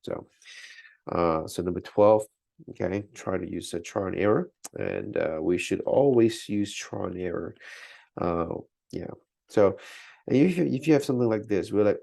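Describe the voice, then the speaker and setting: A man teaching math in a recorded lesson. He talks through each step aloud, checks in with "okay?", and keeps it relaxed and encouraging. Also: fairly low pitch, moderate pace, gravelly.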